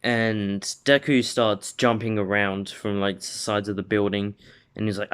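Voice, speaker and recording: Slow, rambling male storyteller. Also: lowish voice, little pitch movement, fairly bright tone, clear, resonant tone. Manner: rambling, full of "like" and restarts. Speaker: video host. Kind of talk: casual fan-story retelling.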